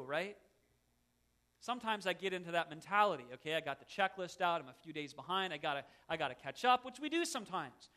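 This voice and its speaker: A man's voice: high voice, bright, forceful tone. A middle-aged man, a pastor, preaching a sermon in an earnest, conversational way with self-deprecating asides.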